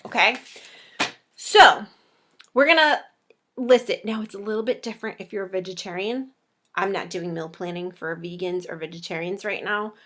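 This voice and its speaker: A woman's voice: mid-range voice, fairly bright tone. A young woman giving a casual meal planning tutorial, chatty and playful, acting out viewers' reactions in little voices. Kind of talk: casual talking-head tutorial.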